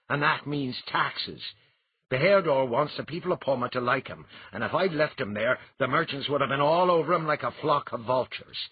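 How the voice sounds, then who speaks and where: A man voicing a blunt, hearty clan chief with a husky voice. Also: mid-range voice, voice pushed up. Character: gruff blunt clan chief, reformed drinker. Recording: dull lo-fi audiobook recording.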